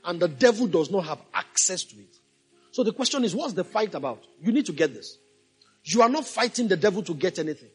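Husky high-voiced pastor preaching. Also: male voice. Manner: emphatic, repeats key phrases, asks the congregation questions. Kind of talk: sermon.

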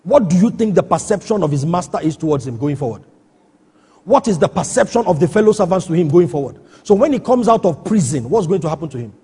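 A man preaching with a high, very husky voice that carries a long reverb from the hall around him. He presses his points with rhetorical questions, checking that the congregation is following him. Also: animated, quick pace, mellow. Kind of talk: sermon.

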